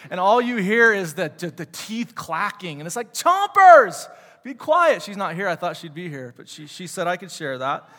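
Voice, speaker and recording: A man's voice: sits high, normal speed, hardly any pauses, bright, forceful tone. A man in his thirties teaching a casual sermon in church, chatty and joking, with many fillers and questions to the audience. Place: church sanctuary. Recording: long hall reverb.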